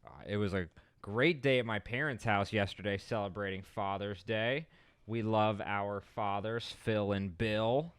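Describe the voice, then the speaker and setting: A man's voice: lowish voice, a little slow, clear, resonant tone, no echo, studio quality. Upbeat man co-hosting a casual show. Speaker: co-host. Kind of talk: casual chat. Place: Los Angeles home.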